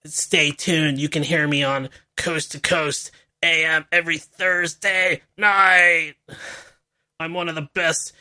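A man doing an impression of an older woman paranormal researcher with a scratchy voice and a slow, drawn-out, mock-serious delivery. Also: a little high, level tone, sharp tone, exaggerated voice.

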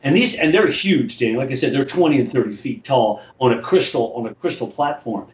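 In casual chat, a man with a medium-pitched voice tells a long personal story, rambling, halting, and restarting often while acting out the voices of the people involved. The audio is echoey, dull, and lo-fi.

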